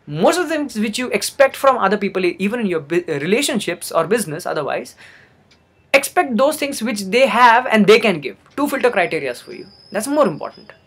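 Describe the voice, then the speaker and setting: A man's voice: high voice, big pitch swings, a little fast, fairly bright tone, breathy edge. A young man giving an earnest motivational talk, repeating phrases for emphasis. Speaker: motivational speaker. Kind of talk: motivational monologue.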